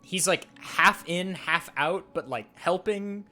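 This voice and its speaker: A man's voice: high-pitched, slow, bright, forceful tone, faint music behind. A man narrating as game master of a tabletop game, telling the scene with vivid sound effects and light chuckles.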